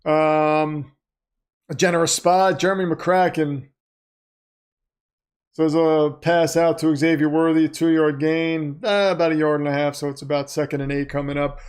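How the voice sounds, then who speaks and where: A man's voice: a little high, level tone, a little slow, clean tone. A man hosting a live stream, chatting casually, reading out viewer comments and calling plays as they happen. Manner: chatty, reads viewer comments aloud, muses off-topic. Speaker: livestream host reacting to a football game.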